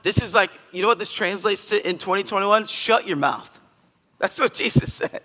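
A male pastor giving a conversational sermon in a church, earnest and emphatic, with sudden loud bursts. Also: high-pitched, steady tone, brisk, long reverb tail. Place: church sanctuary.

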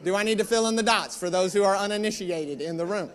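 Talking fast in a high pitch, a male pastor shares a personal story during his sermon. His delivery is animated and self-deprecating, with frequent asides to those present.

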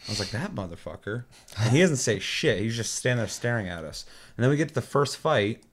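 A man with a fairly low voice talks through a casual gaming chat as host. He rambles through his stories and swears freely. The talk is loose and unscripted. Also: expressive, fairly quick. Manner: profane, rambling storytelling.

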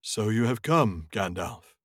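A man's voice: on the low side, animated, a little hiss or hum. Saruman: a man doing a sneering old wizard. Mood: grave. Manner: slow, grave, scoffing delivery. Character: scornful proud old male wizard, cold and sneering. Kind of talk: reading a novel aloud in character voices.

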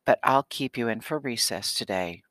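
A strict, formal schoolteacher who speaks in measured, proper sentences, voiced by a man in an audiobook. The delivery is bright and forceful, with a dry, close sound. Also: mid-range voice, animated, no room sound, lightly acted. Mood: stern. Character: stern, formal woman schoolteacher. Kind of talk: audiobook character reading.

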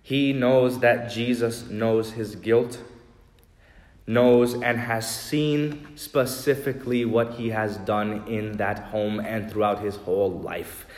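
A pastor preaching a sermon with earnest, measured emphasis, often slowing down and dropping his voice. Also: on the low side, fairly even intonation, echoey room, in a large hall. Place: church.

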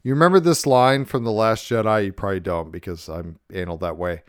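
Podcast host, excitable profane ranting, smooth tone, mid pitch, dry close sound. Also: male voice, a little fast, no room sound. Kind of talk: casual podcast chat.

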